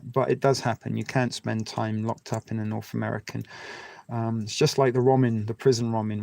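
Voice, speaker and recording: This livestream host from England's West Country chats casually with viewers, stumbling through crude jokes with plenty of fillers and false starts. He has a medium-pitched, creaky, darkish voice, recorded dry.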